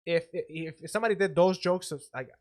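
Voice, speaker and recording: Fast-talking young man, rambling podcast chat. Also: on the high side. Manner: rambling, restarts sentences often. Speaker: podcast co-host. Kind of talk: casual group chat.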